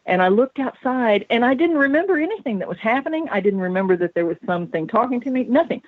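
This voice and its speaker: A woman who is an author and paranormal researcher, telling a story as a guest on a talk radio show in an animated way. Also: on the high side, fast talker, no room sound. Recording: tinny phone line, dry.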